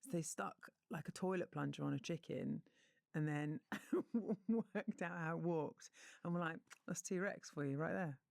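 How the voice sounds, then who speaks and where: A woman's voice: low-pitched, unhurried, creaky, a little mellow, no room sound, clean studio sound. A woman in a played video clip telling an amused anecdote in casual conversation. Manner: amused, storytelling.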